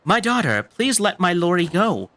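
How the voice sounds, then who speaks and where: A man voicing a distraught middle-aged mother in a game dub, with a high, wavering, pleading voice. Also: sing-song, normal speed, a bit bright.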